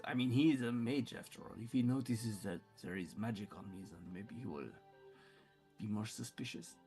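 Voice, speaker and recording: A man playing his character in a tabletop game, talking haltingly and thinking aloud. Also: mid-range voice. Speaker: player. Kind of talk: in-character tabletop role-play.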